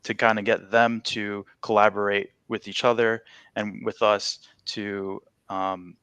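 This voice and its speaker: A man's voice: on the low side, flat delivery, measured pace, a bit bright, clear, resonant tone, no room sound. A young man working as an intern, earnestly explaining his work on a panel with frequent fillers.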